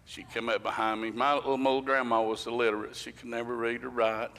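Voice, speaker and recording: Middle-aged preacher, folksy storyteller who builds to emphatic points, mid-pitched, long church echo. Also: male voice, level tone, fast, vocal fry, a bit bright. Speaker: pastor. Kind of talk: sermon. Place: church sanctuary.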